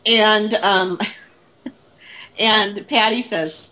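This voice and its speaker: A woman talks in a relaxed, chatty way, like a paranormal investigator trading stories on a show. Her voice sits at a middle pitch. She slips into quick voices for the people in her anecdotes. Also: low-quality recording. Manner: chatty storyteller, acts out quoted voices. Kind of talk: casual conversation.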